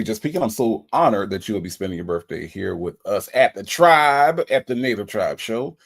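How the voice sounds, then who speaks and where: A man's voice: on the low side, expressive, normal speed, vocal fry, hardly any pauses. A man hosting a casual livestream, reading out viewer comments and greeting each one in a playful way. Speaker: livestream host.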